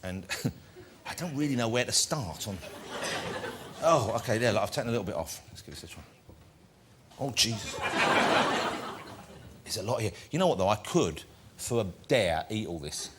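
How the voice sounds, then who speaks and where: A man's voice: fairly low pitch, lively intonation, moderate pace, pauses often. A man hosting a talk show, joking and self-mocking in comic studio banter before a live audience. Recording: broadcast studio with loud crowd. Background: loud audience laughter and noise.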